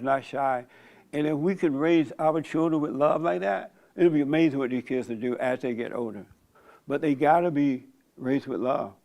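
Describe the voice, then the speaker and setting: An older pastor and host gives a casual church talk, his slightly high voice carrying some vocal fry. He tells stories with a joking manner and laughs often.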